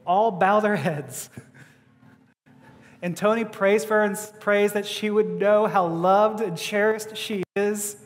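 High-voiced man telling a sermon story. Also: takes it slowly, long reverb tail. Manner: animated, acting out quotes, stammering restarts. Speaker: preacher.

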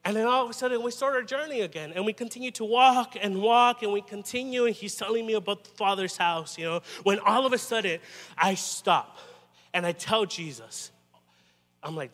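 A man preaching a sermon in a conversational, halting way, often restarting and adding "you know". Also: high voice, fairly bright tone, long reverb tail. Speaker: pastor.

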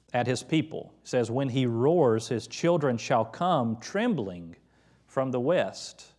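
A young man, a pastor, preaching a sermon in a conversational, storytelling way and reading scripture aloud. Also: mid-range voice.

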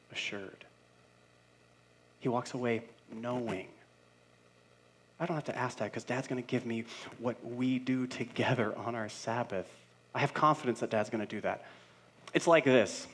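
A man in his thirties, a pastor, preaching a sermon in an easy, conversational style. He acts out the voices of the people he quotes, and his loudness rises and drops as he talks. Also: lowish voice, normal speed, long pauses, slight background noise.

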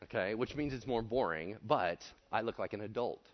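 A man preaching an animated, jokey sermon, acting out voices and swinging between loud and hushed delivery. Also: lowish voice, normal speed. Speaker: pastor. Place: church room with audience. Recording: dull lo-fi sermon recording.

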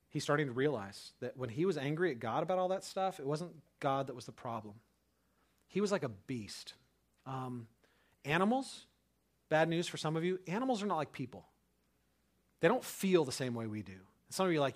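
A man preaching a sermon, talking in a conversational way with frequent "right?", who swings from loud rising outbursts to soft hushed tenderness. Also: mid-range voice, expressive, a little fast. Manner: conversational, repeats words and asks "right?" often. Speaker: pastor.

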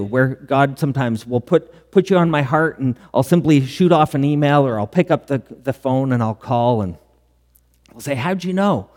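A man's voice: a little high, darkish tone. A middle-aged male pastor preaching a sermon, telling stories in an earnest way with quoted dialogue. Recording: long church hall reverb.

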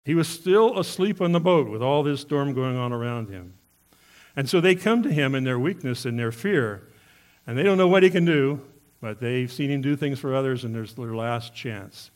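A man's voice: mid-range voice, normal speed. A man preaching a sermon as a pastor, earnest and speaking straight to his listeners with many questions. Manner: earnest, asks the congregation questions.

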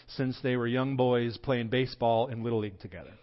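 A male pastor gives a church sermon in a light, joking, conversational manner. His voice sits at a middle pitch, and the recording sounds dull and lo-fi. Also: fairly quick, few pauses.

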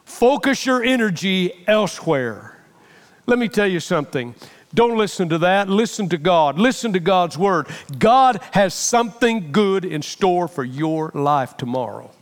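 A man's voice: high-pitched, lively intonation, normal speed, long reverb tail. A middle-aged man preaching a sermon with passion, repeating phrases for emphasis. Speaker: pastor.

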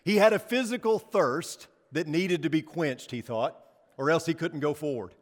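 A fairly high-voiced male pastor delivers a storytelling sermon. He poses rhetorical questions and slows down to stress key words. A long reverb trails his voice through a church sanctuary.

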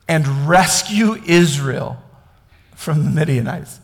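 A man voicing God as a calm, commanding divine figure who speaks slowly and deliberately. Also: on the high side, gravelly, heavily acted.

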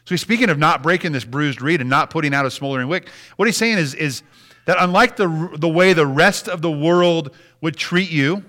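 Man preaching with soft, quiet drops. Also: on the high side, normal speed. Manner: animated preaching, dropping to soft near-whispers for emphasis. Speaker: pastor. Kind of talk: sermon.

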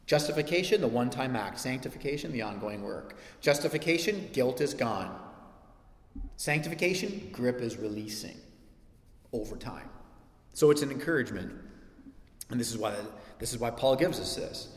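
A man preaching a sermon in a church, lively and acting out the voices he quotes. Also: mid-range voice. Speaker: pastor. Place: church sanctuary. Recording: echoey hall with long reverb.

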